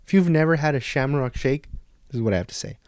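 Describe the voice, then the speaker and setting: A man's voice: mid-range voice, animated, fast talker, a little mellow, no room sound, studio quality. Profane man ranting on a podcast. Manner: profane, ranting, mock nature-documentary whispers. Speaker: podcast host. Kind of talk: comedic monologue.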